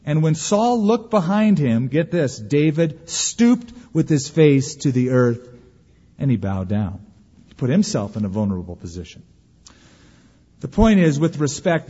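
A male pastor preaches with a mellow, slightly husky voice that swoops up and down with expression. His delivery is folksy and full of humor, with dramatic pauses. The sound is dull and carries a long church reverb. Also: a little high, expressive. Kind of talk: sermon.

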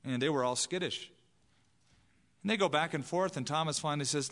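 A man's voice: on the high side, fairly quick, fairly bright tone, long reverb tail. A man preaching a sermon in a conversational way, acting out the voices he quotes. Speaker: pastor.

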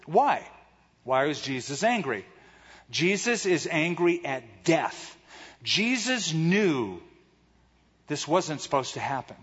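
Male pastor, husky, slow and deliberate, dramatic sermon style, muffled hall sound. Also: on the high side, very animated, fairly bright tone. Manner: dramatic, rhetorical questions, acts out quoted voices.

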